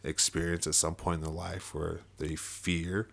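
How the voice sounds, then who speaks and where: A young man with a very low voice tells a long personal story in a relaxed podcast conversation. He leans on fillers, swears freely and laughs as he talks. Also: measured pace, creaky. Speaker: podcast guest. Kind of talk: casual storytelling chat.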